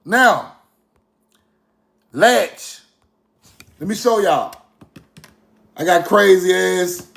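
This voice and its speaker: Man, high voice, slow, emphatic, repetitive, casual commentary. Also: gravelly, a bit bright. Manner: emphatic, repetitive, asks viewers rhetorical questions. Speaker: online history commentator. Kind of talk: casual video commentary to viewers.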